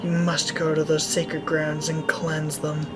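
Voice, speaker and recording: A woman voicing an ancient guardian light spirit in a video game, with slow, solemn delivery. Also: low-pitched, monotone, over music.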